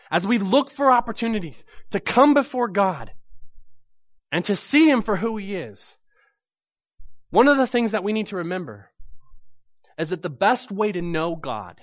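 A man's voice: sits high, sing-song, normal speed, pauses often, no echo, highs cut off. A man preaching a sermon to his congregation, telling the story with animation and acting out the voices in it.

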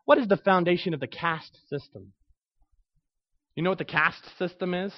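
A pastor with a voice that sits high preaches a conversational sermon at normal speed, posing questions to his listeners and then answering them himself. The recording has a lo-fi sound.

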